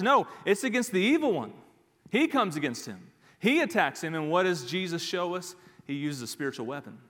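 A man preaching in a church sanctuary, his fairly high voice ringing with a long hall reverb. He drives home each point with emphatic repetition and a steady "all right." It sounds like a pastor in the middle of a sermon. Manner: emphatic, repeats key phrases, frequent "all right".

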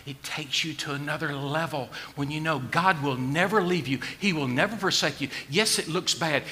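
A middle-aged man preaching a sermon in a folksy, joking way, dropping to a hush and rising to a shout. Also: on the high side, moderate pace, hardly any pauses. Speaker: pastor.

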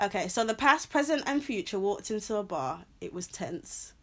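A woman's voice: mid-range voice, big pitch swings, moderate pace. A woman hosting a casual podcast, telling corny jokes and laughing often. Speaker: podcast host. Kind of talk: casual chat.

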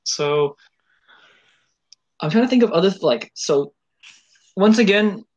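A man's voice: sits high, expressive, slow. A young man co-hosting a casual podcast from home, rambling with lots of fillers and laughter. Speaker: podcast co-host. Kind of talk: casual chat. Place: home room, remote call.

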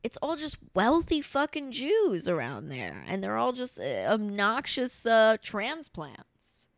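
A woman's voice: fairly high pitch, huge pitch swings, slow pace, creaky, no echo. Rambling, foul-mouthed woman podcast host. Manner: rambling and profane, heavy use of "like". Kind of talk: casual podcast chat.

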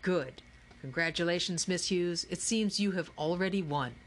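A woman's voice: fairly low pitch, normal speed, close to an everyday voice. A woman voicing an eccentric older male game-maker in an audiobook, lilting and grandly amused. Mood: playful.

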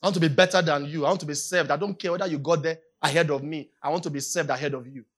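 A Nigerian woman with a Nigerian accent preaching a sermon, repeating her points and building up to shouts. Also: low-pitched, steady tone, rapid-fire.

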